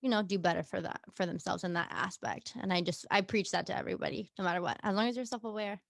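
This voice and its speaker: A woman's voice: mid-range voice, steady tone, quick pace, gravelly, no room sound, studio quality. A young woman in her twenties talking casually as a podcast guest, with lots of fillers. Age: 20s. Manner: chatty, many likes and ums. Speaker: guest student.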